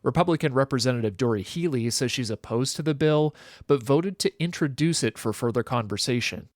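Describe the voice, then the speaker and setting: A male radio reporter with a mid-range voice delivers a scripted news piece in a plain, steady way. The sound is dry and close to the mic. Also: medium pitch, brisk, no echo.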